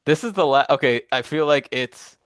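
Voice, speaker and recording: A man's voice: mid-range voice, normal speed, a bit bright, clear, resonant tone, no room sound, studio quality. A young man co-hosting a casual sports podcast, laid-back, laughing and swearing casually. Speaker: podcast co-host. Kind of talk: casual chat.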